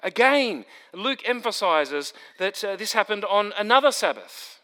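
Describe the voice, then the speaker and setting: A man preaching an expository sermon, emphatic, building to stressed points and then dropping low. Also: big pitch swings, measured pace, hardly any pauses, pushed and bright. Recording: long hall reverb.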